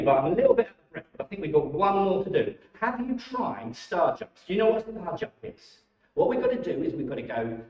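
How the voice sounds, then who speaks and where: A man with a high voice leads children's warm-ups for a church holiday club. He talks in an enthusiastic, encouraging, exclamatory way. He sounds far from the mic in an echoey church hall, and the recording is dull. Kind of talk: leading a children's warm-up and briefing.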